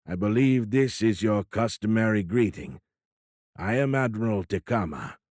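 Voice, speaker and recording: A man's voice: on the low side, animated, a little mellow, no echo, studio quality, lightly acted. A man voicing a stately alien admiral. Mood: courteous. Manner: stiff, deliberate and measured. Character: formal, courteous alien male admiral.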